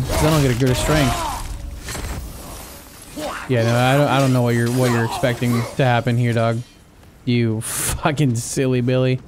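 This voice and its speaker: A man's voice: mid-range voice, background noise. A young man giving casual let's-play commentary, trash-talking enemies with lots of swearing and joking asides. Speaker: gaming channel host. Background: game music and combat sounds.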